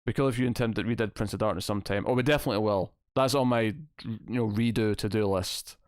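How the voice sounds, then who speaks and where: With a lowish, smooth voice and a fast delivery, a man runs a laid-back livestream, chatting, reading viewer comments and rambling while chuckling at himself. The recording is dry with clean studio sound.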